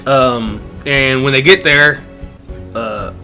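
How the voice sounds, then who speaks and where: A man's voice: mid-range voice, slow pace, bright, forceful tone, faint music behind. A man co-hosting a casual podcast chat, recapping scenes eagerly with plenty of fillers. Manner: enthusiastic, rambling retelling with fillers. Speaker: podcast co-host.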